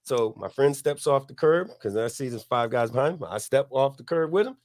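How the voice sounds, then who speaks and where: A middle-aged man, hosting a podcast and telling a long, profane story in a relaxed way, laughing as he goes. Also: medium pitch, fairly quick. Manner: laid-back, profane, laughs at his own story. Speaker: podcast host. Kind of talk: casual storytelling.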